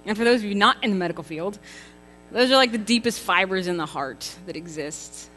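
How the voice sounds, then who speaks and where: A woman in her thirties delivers a contemporary sermon, her voice bright and forward. She talks in a chatty, emphatic way, tossing rhetorical questions to the congregation. The sound carries a long church-hall reverb, with soft music faintly underneath. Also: mid-range voice, animated, brisk. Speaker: preacher. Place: church sanctuary.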